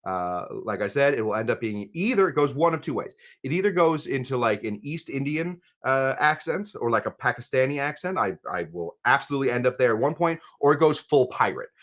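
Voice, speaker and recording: A man's voice: mid-range voice, expressive, fairly quick, few pauses, fairly bright tone. A man hosting a live cocktail stream, chatting casually and rambling between topics while reading out viewer comments. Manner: rambling, jokey, reads out chat comments. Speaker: live cocktail show host.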